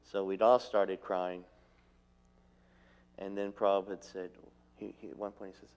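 A man recalls his teacher's words in an interview and quotes them at length. He speaks earnestly in a fairly low voice. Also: steady tone, moderate pace, long pauses, a little mellow. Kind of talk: reminiscing interview.

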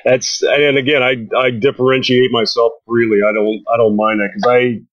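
A man's voice: medium pitch, flat delivery, moderate pace. Rambling man on a dull podcast line. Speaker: podcast panelist. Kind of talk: casual podcast chat.

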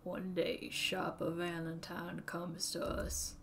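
A woman voicing a regretful old ex-pharmacist turned villain, with a put-on Southern accent and a deep, slow, heavy delivery. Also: completely flat delivery, vocal fry, a little hiss or hum. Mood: brooding. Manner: weary, brooding storytelling. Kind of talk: live-streamed game read-aloud.

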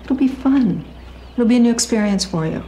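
A woman's voice: a little high, animated, fairly quick, mellow, a little hiss or hum, natural voice. An actress playing a middle-aged mother who is sweet but clingy and sulks when refused. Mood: coaxing. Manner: coaxing, then sulking.

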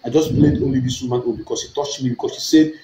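A man's voice: mid-range voice, fairly even intonation, fast talker, warm tone, roomy sound, a little hiss or hum, low-quality recording. A man with a Nigerian accent giving an impassioned, emphatic political talk, often repeating himself and rising to fervent outbursts. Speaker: online activist broadcaster.

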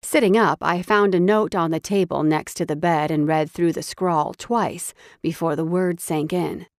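A woman's voice: fairly low pitch, steady tone, normal speed, dry recording, studio quality. A woman narrating a first-person romance audiobook in an intense, dramatic read.

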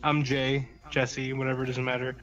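A man's voice: medium pitch, level tone, moderate pace, a bit bright, highs cut off, soft background music. A man chatting casually in a VR room, laid-back and rambling. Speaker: player in a VR chat room. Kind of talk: casual chat.

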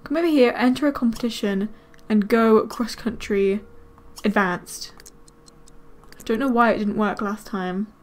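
A woman giving casual let's-play commentary, chatting to her game characters with quick excited exclamations. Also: a little high. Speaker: gaming video creator.

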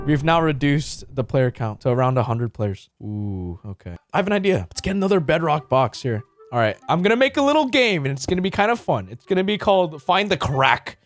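A young man giving playful, teasing gaming commentary as he hosts a server event, full of gleeful exclamations. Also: sits high. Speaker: Minecraft YouTuber hosting a server event. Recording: voice over loud background music.

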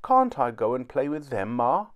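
A man voicing a teeny tiny mischievous boy in a storybook reading, high and excited. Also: normal speed, natural voice. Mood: pleading.

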